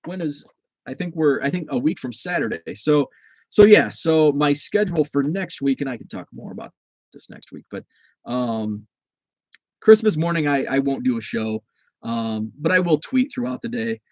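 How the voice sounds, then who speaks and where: A man's voice: medium pitch, expressive, moderate pace, no echo, poor audio. A man hosting a casual live stream, rambling with lots of fillers and restarts as he reads and answers viewer comments. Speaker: livestream host.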